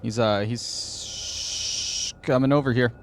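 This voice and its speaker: A man's voice: medium pitch, fairly even intonation, takes it slowly, a little hiss or hum. A man hosting a gaming channel, thinking aloud and muttering to himself in casual commentary while he plays.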